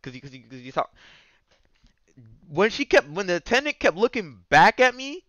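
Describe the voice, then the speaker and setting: A young man casually telling a dating story as a podcast host, moving between mumbled asides and loud outbursts. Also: high-pitched, normal speed, no room sound. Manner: animated, swings from mumbling asides to yelling bursts.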